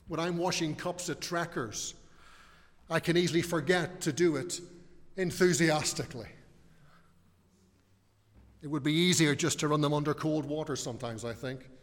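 A man preaching a sermon in an earnest, measured way, reading scripture and leaning hard on key words. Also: mid-range voice, long reverb tail. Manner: earnest, measured preaching with slow emphatic stresses.

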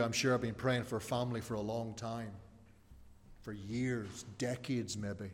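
A man preaching a sermon, posing rhetorical questions and shifting his emphasis. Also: medium pitch. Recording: long hall reverb.

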